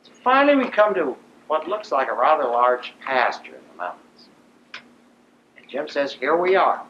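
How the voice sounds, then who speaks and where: Animated older man telling war stories. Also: medium pitch, moderate pace, a little hiss or hum. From Ohio, USA. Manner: animated, vivid storyteller. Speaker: veteran speaker. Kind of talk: storytelling talk. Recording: roomy dull lo-fi recording.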